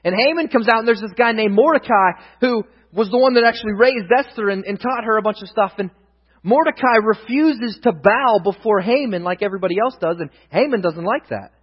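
A man preaching a sermon, retelling scripture as a story with dramatic swings between loud emphasis and hushed asides. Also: high-pitched, expressive, moderate pace, slightly rough. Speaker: pastor. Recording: dull echoey hall, long reverb.

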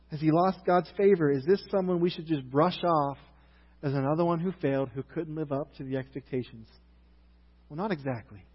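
Animated man preaching in a reverberant hall. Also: fairly high pitch, breathy edge, dull audio. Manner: storytelling, animated retelling with rising outrage. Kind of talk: sermon.

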